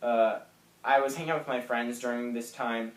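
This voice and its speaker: A man's voice: mid-range voice, fairly even intonation, moderate pace, roomy sound, poor audio. A young man telling his personal story to the camera in a candid, hesitant way with frequent fillers. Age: young adult. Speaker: vlogger.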